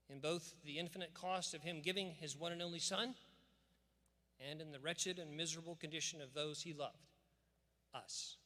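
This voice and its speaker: A man's voice: on the high side, pushed and bright. Earnest man speaking in a reverberant church. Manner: earnest, emphatic, preacherly cadence. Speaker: school administrator giving commencement address. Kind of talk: formal commencement speech with scripture reading. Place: large church sanctuary. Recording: long reverb of a big church hall.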